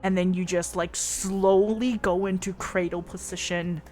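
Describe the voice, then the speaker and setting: Slow, giggly woman streamer. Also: on the low side, fairly even intonation, darkish tone, faint music behind. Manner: giggly, rambling, teasing, many fillers. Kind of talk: casual chat reading viewer messages.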